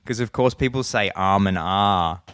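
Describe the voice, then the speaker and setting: A man's voice: on the low side, moderate pace, fairly bright tone, clear, resonant tone, no room sound, clean studio sound. A man with an Australian accent co-hosting a casual podcast, playful and rambling, laughing often. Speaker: podcast co-host.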